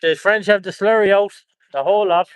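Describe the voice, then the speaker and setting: A man's voice: high voice, fairly quick, smooth, no room sound. An Irish man chatting on a live stream, reading out viewer comments and thanking viewers by place in an upbeat way, outdoors at a protest on a phone held close. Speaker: livestreamer.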